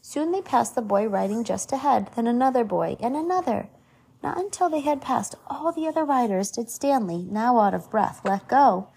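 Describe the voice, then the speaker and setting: Woman, storybook read-aloud, gravelly, higher voice, gently explains to a child. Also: lively intonation, moderate pace. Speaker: parent reading aloud to a child.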